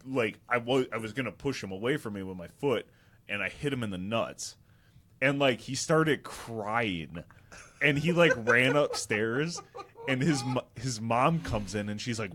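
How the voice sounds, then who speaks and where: A man's voice: mid-range voice, lively intonation, measured pace, bright, forceful tone, a little hiss or hum. A young man chatting with friends on a podcast, telling a meandering story and laughing along the way. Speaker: podcast co-host. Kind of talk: casual chat among friends.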